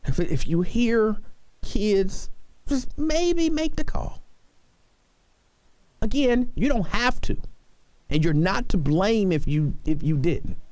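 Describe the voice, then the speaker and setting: A man's voice: high voice, sing-song, slow pace, long pauses, darkish tone, dry recording. A man hosting a talk radio show, speaking earnestly and pleading with his listeners, repeating himself for emphasis. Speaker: radio host.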